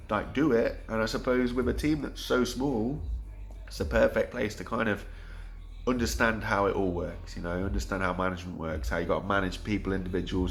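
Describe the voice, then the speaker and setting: A man's voice: on the low side, creaky. A man in his thirties, talking earnestly in a rambling vlog monologue with many restarts. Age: 30s. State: getting choked up. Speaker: vlogger.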